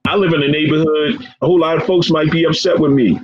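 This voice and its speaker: Sex: man. Role: interview guest. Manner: earnest, impassioned, repetitive. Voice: a little higher than most men. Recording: muffled, lo-fi, faint hiss behind. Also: steady tone, quick pace. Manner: earnest and impassioned, repeats phrases and says "man" often. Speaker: guest, professor and founder of a forgiveness organization. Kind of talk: emotional interview conversation. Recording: dull lo-fi sound with faint background noise.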